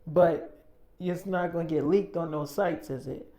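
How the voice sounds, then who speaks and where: A man quoting a blunt, curious young girlfriend in his own mellow voice as he tells a story. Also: a little high, unhurried. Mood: backpedaling. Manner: blunt, questioning.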